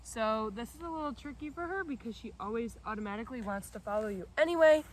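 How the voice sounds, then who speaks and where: A young woman with a fairly high voice coaches a dog outdoors, explaining each step of a recall drill. She breaks into loud, high-pitched praise whenever she calls the dog. Faint barking from other dogs carries in the background. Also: expressive, quick pace, slight background noise. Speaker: dog trainer. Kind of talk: training demonstration with explanation.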